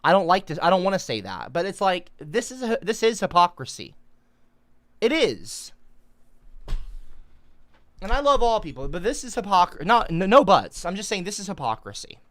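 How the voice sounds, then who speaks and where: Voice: sing-song, normal speed, pauses often, a bit bright, dry recording. An online commentator ranting about an article, emphatic and repetitive, with stammering restarts. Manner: emphatic, repetitive, stammering restarts, swings high when outraged.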